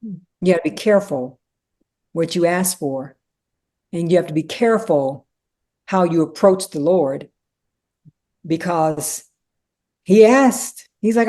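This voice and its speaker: A woman leading a conversational Bible study, animated and acting out the dialogue, with frequent "you know" asides. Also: on the low side, a little slow, long pauses.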